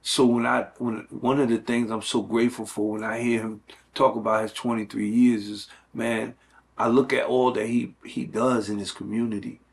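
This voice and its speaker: A man's voice: medium pitch, flat delivery, normal speed, creaky. A middle-aged man talking earnestly in a casual conversation, with many fillers and restarts. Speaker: guest.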